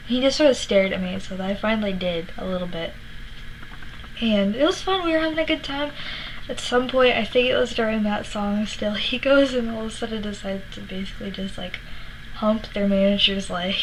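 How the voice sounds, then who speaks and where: A woman's voice: medium pitch, normal speed, slight background noise, poor audio. A young woman from Florida telling a story to her vlog audience in a chatty way, acting out quotes, laughing and swearing now and then. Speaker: vlogger. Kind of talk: casual storytelling.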